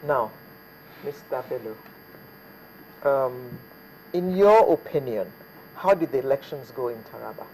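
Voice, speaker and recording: A man's voice: mid-range voice, lively intonation, a little slow, long pauses, warm tone, a little hiss or hum, poor audio. A man hosting a morning TV talk show in a studio, chatty with hesitant fillers as he sets up the news and introduces guests. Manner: chatty, hesitant fillers, reads names off a list.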